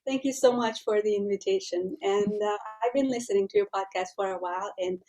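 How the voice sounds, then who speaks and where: A woman's voice: medium pitch, fairly quick, mellow. A woman from Hungary with a Hungarian accent, a podcast guest chatting and often searching for words in English. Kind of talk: casual conversation.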